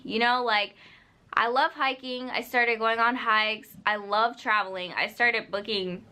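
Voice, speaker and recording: Unhurried and fairly even in intonation, her slightly high voice is bright and forceful. She's a young woman vlogging casual advice straight to camera without a script, saying "like" and "you know" a lot, earnest and direct.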